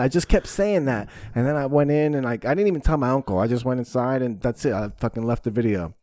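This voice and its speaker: A man in casual podcast chat, telling his story with a profane, animated edge. His voice sits at an ordinary pitch and sounds dry and close, with no room behind it. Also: quick pace, few pauses, no echo. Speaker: podcast host.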